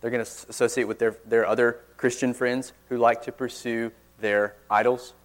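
A man preaching a sermon in church, earnest, pressing hard on key words and then dropping suddenly quiet. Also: medium pitch, level tone, normal speed. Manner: earnest, forceful emphasis with sudden quiet drops.

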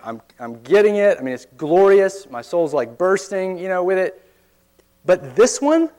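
A man preaching a sermon in an earnest, conversational way, often asking his listeners rhetorical questions. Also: high voice. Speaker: pastor.

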